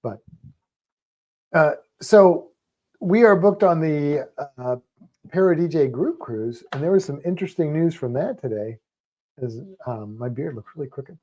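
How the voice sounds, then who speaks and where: A man co-hosting a livestream, chatting casually and rambling with fillers. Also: fairly high pitch. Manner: relaxed, rambling, halting with fillers. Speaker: livestream co-host. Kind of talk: casual chat.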